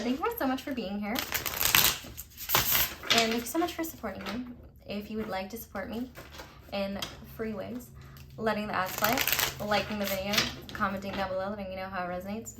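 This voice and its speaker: A mid-range female voice comes through with background noise as she does a casual pick-a-card tarot reading. Chatty and emphatic, she says "like" frequently, swears offhandedly, and breaks into laughter between remarks.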